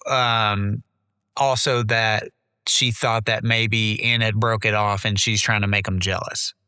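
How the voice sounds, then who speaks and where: A man's voice: on the low side, level tone, a little slow, pushed and bright, clear, resonant tone, no echo, studio quality. A man co-hosting a podcast, reviewing a film in loose casual chat and saying "dude" and "like" a lot. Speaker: podcast co-host.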